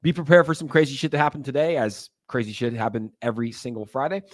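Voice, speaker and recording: A man hosting a casual livestream chat, joking and animated as he tells stories. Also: medium pitch, fast, no room sound, clean studio sound. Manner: animated, joking, does voices in anecdotes. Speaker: livestream host.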